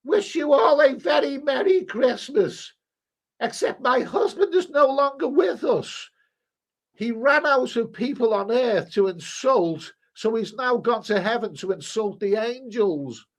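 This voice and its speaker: A man putting on the voice of an elderly queen giving a stately, slow Christmas address. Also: expressive, fairly bright tone, heavily acted. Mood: mock-regal. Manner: shrill, slow and declaiming.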